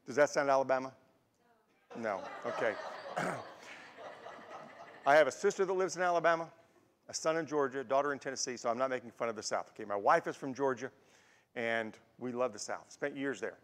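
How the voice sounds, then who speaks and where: A man's voice: mid-range voice, fairly quick, pauses often, slight background noise. Man in his sixties preaching in a reverberant church. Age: 60s. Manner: warm storytelling with personal anecdotes. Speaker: guest preacher. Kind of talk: conversational sermon. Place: church sanctuary. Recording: long church-hall reverb.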